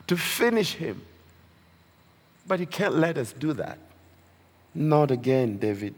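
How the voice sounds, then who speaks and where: A man's voice: fairly high pitch, breathy edge. A man preaching a sermon on a Bible passage, asking his listeners questions and laughing between lines. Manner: slow, lively preaching with laughs and rhetorical questions. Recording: reverberant hall.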